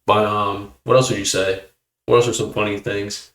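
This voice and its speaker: A man hosting a casual chat, telling stories with animated voices for the people in them. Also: on the low side, normal speed, echoey room. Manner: animated storytelling, acting out kids' reactions. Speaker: host.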